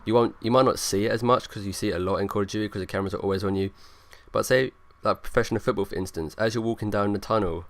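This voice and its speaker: A man's voice: fairly low pitch, fairly even intonation, racing, few pauses. A young man rambling through casual gameplay commentary, leaning on lots of fillers. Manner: rambling, filler-heavy, talks over gameplay. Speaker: gaming YouTuber.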